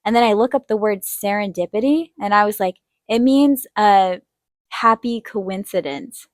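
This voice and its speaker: A young woman hosting an art video, telling a personal story in a chatty way and acting out quotes in a higher voice. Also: normal speed, no room sound, clean studio sound. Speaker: art channel host. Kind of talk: casual storytelling while drawing.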